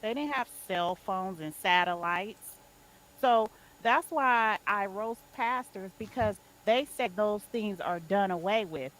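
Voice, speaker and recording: A woman in a casual group chat, blunt and unhurried, laughing between her points. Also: medium pitch, lively intonation, fairly bright tone, poor audio. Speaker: podcast participant.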